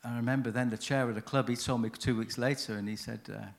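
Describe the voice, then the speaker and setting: His mid-range, gravelly voice holds a steady tone and moves fast. He's presenting a chaplaincy seminar at a conference, spinning a chatty story full of self-interruptions.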